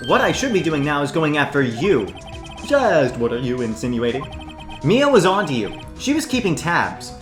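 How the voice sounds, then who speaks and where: A man's voice: a little high, very animated, moderate pace. A man voicing an earnest young male defense lawyer who talks in a direct, accusing way. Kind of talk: fan voicing of a game playthrough. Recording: roomy echo, game music. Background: game music.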